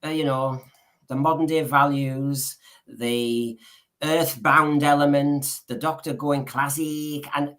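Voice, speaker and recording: A podcast co-host rambles in casual conversation, often restarting sentences with repeated words. His voice is fairly high and a bit bright, with fairly even intonation and a measured pace.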